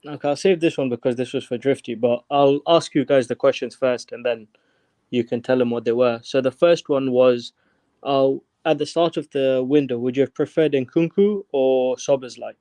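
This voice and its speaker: A man's voice: medium pitch, moderate pace, mellow, no echo. A man calling in to a fan show, hesitant with lots of "uh"s as he reads out his questions. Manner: hesitant, many "uh"s. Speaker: caller. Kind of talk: call-in question.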